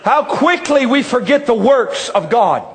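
A man with a strikingly high voice delivers a fervent sermon. He swings between measured reading and loud, ringing emphasis, stretching out the words he wants to land. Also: expressive. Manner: impassioned preaching, often shouting, drawn-out emphasis. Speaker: preacher.

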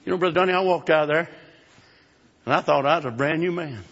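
A man's voice: on the high side, fast, fairly bright tone, dull audio. A man in his seventies preaching a sermon in a folksy, chuckling way, calling out to the congregation. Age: 70s.

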